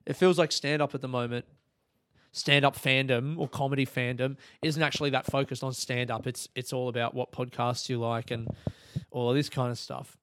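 A man's voice: mid-range voice, flat delivery, normal speed, fairly bright tone, no room sound. A man, a comedian, talking on his own podcast, rambling and swearing and laughing at his own jokes. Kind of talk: solo podcast monologue.

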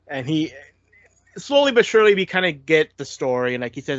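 A man's voice: mid-range voice, normal speed, fairly bright tone, dry recording. A man co-hosting a casual movie podcast, retelling the plot and quoting characters. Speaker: podcast co-host. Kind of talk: casual movie review chat. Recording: dull lo-fi dry sound.

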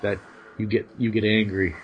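A man's voice: lowish voice, level tone, normal speed, dull audio, faint music behind. A man chatting casually and wryly about their podcast channel. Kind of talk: casual chat.

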